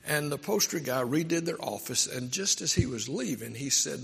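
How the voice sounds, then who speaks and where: Husky gravelly-voiced preacher in a hall. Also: male voice, on the high side, lively intonation, brisk, hardly any pauses, fairly bright tone. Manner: storytelling, conversational, emphatic. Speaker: pastor. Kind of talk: sermon.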